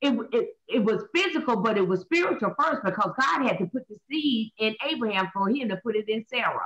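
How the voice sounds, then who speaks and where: A woman, hosting a Bible talk show as a minister, preaching in an animated way and asking and answering her own questions. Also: a little high, fairly quick. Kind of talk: animated Bible study teaching. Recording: dull lo-fi sound.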